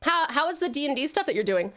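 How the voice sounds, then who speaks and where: A woman's voice: high-pitched, very animated, fast. A young Australian woman streaming, chatting to her viewers in a bubbly, affectionate way and calling them pet names. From Tasmania, Australia. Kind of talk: casual live-stream chat. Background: loud background music.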